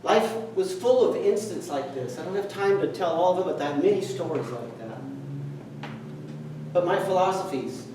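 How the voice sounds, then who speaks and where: At a meeting hall, a middle-aged man gives a speech, telling a personal story earnestly and reflectively and acting out the dialogue. His voice is on the high side and expressive, at a moderate pace. The recording is echoey with a distant mic and noisy background.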